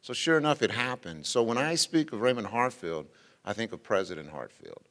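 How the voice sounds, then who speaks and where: A man's voice: mid-range voice, big pitch swings, brisk, fairly bright tone, in a large hall. A middle-aged man, a former school superintendent, giving an informal dedication speech full of anecdotes, fillers and restarts. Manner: folksy, rambling, frequent fillers and restarts. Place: ceremony venue with an audience.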